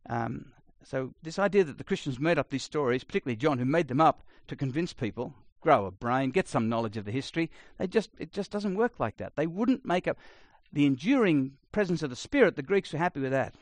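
Blunt, animated man preaching. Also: a little high, brisk, few pauses, dry recording. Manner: blunt, conversational, swings from loud emphasis to quiet asides. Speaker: pastor. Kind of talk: sermon.

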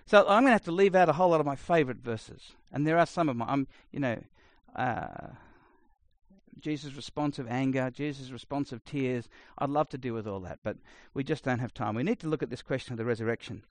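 A middle-aged man preaching a sermon, blunt and conversational, swinging between loud emphasis and quiet asides. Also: mid-range voice, a little fast, no room sound. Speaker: pastor.

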